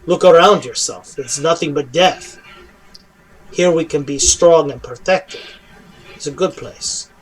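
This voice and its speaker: A man playing a weary captive hobgoblin in a tabletop game, speaking a little lower and quieter than an everyday voice. The creature stammers and hesitates, grim and frightened as it warns the party off. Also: a little slow, long pauses, husky, low-quality recording.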